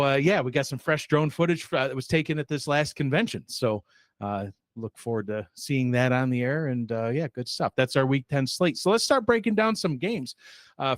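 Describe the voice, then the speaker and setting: A man's voice: on the high side, dry recording. Casual male sports show host, dry mic. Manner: rambling, self-deprecating, lots of fillers.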